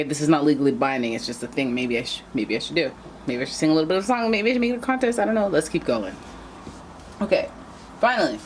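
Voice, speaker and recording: A woman's voice: low voice, a little hiss or hum. A woman doing a casual tarot reading, chatting straight to her viewers and often drifting into playful tangents. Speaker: tarot reader.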